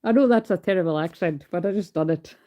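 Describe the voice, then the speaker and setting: A woman's voice: fairly low pitch, fast, mellow. A woman doing a casual livestream card reading into a phone. She is chatty, swears freely and calls herself hyper. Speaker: tarot card reader.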